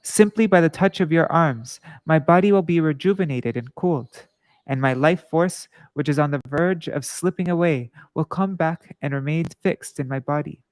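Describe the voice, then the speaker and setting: A man reading devotional scripture and commentary aloud to a class, measured and earnest, with small restarts. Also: fairly high pitch, a little mellow, no echo.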